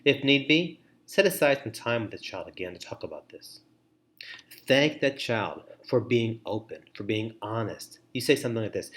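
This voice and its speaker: A middle-aged man presenting an instructional webinar for foster parents, giving earnest, measured advice with deliberate pauses and repeated phrases. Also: lowish voice, animated, fairly bright tone, a little hiss or hum.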